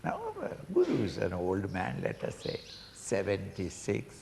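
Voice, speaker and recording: An older man giving a slow spiritual discourse, acting out pleading cries and chuckling as he explains a hymn. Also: low voice, huge pitch swings, vocal fry, darkish tone. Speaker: swami teaching a Sanskrit hymn. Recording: reverberant hall, faint noise.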